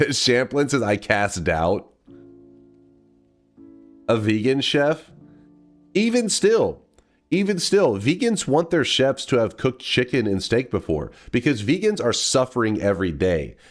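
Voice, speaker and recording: A man's voice: medium pitch, big pitch swings, measured pace, soft background music. A man from Texas, a game streamer with a stuffed-up nose, chatting casually on a livestream in a rambling, swearing way. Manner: rambling, swearing, laughing to himself.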